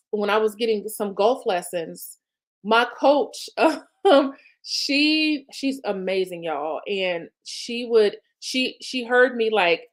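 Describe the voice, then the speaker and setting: A woman business coach, talking viewers through planning in a chatty, encouraging way. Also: a little high. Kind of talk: live-streamed coaching talk.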